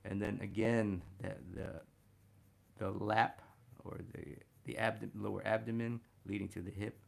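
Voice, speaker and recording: A man teaching a figure drawing lesson as he sketches, talking warmly to viewers as "my friends" and getting excited about the details he spots. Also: fairly low pitch, unhurried, gravelly. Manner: enthusiastic, talks to "my friends" while drawing. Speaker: art instructor.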